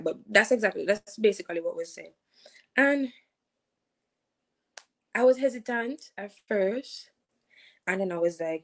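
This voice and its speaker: A woman's voice: medium pitch, rough recording. A young woman with a Jamaican accent, hosting a youth show and sharing a personal testimony in an earnest way, repeating phrases for emphasis.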